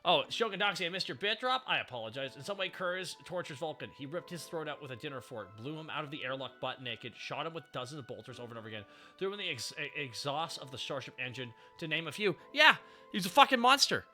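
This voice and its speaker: A man hosting a casual ranking stream, telling stories in an excitable, profane rush. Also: a little high, soft background music. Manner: excitable, profane, fast storytelling. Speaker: streamer host.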